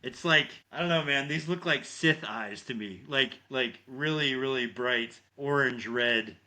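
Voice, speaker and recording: A man co-hosts a podcast and retells a horror film scene by scene, swearing freely and acting out the characters' lines. His voice is bright and forceful at a middling pitch. He keeps it loose and conversational, like talking with a friend. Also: a little slow. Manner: animated storyteller, heavy swearing, acts out lines. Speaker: podcast co-host. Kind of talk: casual movie recap chat.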